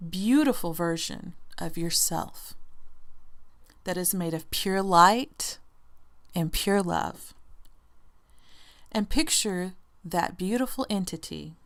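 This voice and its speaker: A woman hosting a self-help podcast, speaking in a gentle, earnest, encouraging way and softening for quiet affirmations. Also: mid-range voice. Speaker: podcast host. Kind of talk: motivational self-help monologue.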